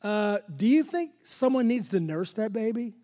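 A man voicing a quick-witted young girl who makes a polite, hesitant suggestion. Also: high voice, lively intonation, warm tone, long reverb tail. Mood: eager.

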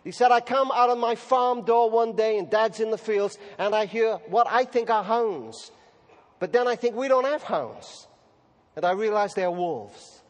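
A man preaching a sermon, telling stories dramatically and slowing down for emphasis. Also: sits high, lively intonation. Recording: reverberant hall recording.

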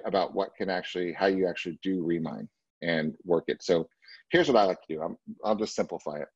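Low husky man coaching a sales team. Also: a little mellow, no room sound, lo-fi sound. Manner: emphatic, conversational, keeps checking in with the group. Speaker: real estate sales trainer. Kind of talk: live sales training session.

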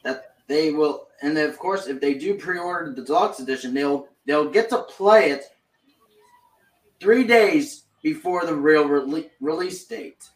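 A man's voice: a little high, unhurried, distant mic. A man hosting a casual podcast, reading through news with lots of fillers and restarts. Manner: reads game news with many fillers and restarts. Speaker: podcast host. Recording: roomy echo, off-mic.

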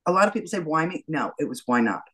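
Middle-aged New woman, lively interview guest who acts out every exchange. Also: low-pitched, quick pace, husky, rough recording. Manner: animated storyteller, acts out the dialogue. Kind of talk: telling her story in an interview.

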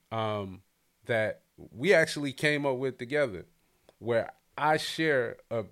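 A man from Detroit hosting a podcast interview, playful and teasing in casual chat. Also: medium pitch. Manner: playful, teasing, quick to laugh. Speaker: podcast host.

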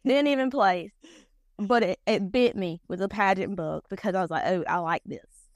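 A woman's voice: medium pitch, lively intonation, moderate pace, no echo, studio quality. A woman in her thirties from North Carolina with a Southern accent, chatting down-to-earth as a podcast guest with lots of fillers. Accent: Southern US, eastern North Carolina. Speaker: podcast guest, pageant titleholder. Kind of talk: casual conversation.

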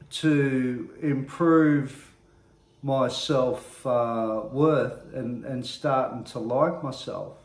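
Guy talking slow about his own recovery, earnest n thoughtful, roomy echo. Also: medium pitch, darkish tone. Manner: earnest, reflective, searching for words. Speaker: speaker sharing his recovery story. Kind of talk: personal testimony monologue.

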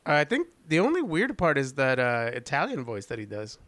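A man's voice: mid-range voice, huge pitch swings, moderate pace, a bit bright, slight background noise. A man hosting a podcast, telling a rambling story with restarts and frequent laughter. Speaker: podcast host. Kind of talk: casual chat.

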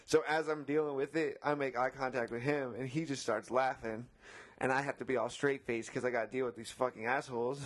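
A man's voice: medium pitch, fairly even intonation, fairly quick. A man who works as a beach umbrella attendant, casually retelling a run-in with a customer, acting out both sides and swearing often. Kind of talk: casual storytelling chat.

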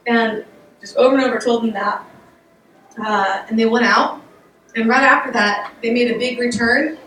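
A woman with a fairly high voice gives a chatty, animated sermon full of laughs and restarts, her voice getting worn. She sounds set back from the mic in a reverberant room. Faint room noise hums underneath. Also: fairly quick. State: losing her voice. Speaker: speaker giving a devotional talk. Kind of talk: casual sermon. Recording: echoey room, voice picked up from a distance.

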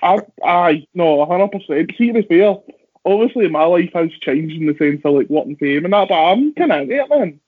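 A man's voice: high-pitched, animated, fairly quick, slightly rough, dry recording. A young Scottish man, a professional wrestler, chatting casually and rambling with self-deprecating asides. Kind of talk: casual podcast chat. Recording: dry, phone-like lo-fi audio.

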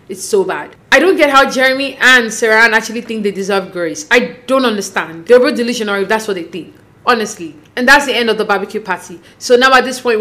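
Woman, casual reality show recap, slightly high voice, animated, opinionated. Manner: animated, acts out quotes, opinionated. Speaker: recap host.

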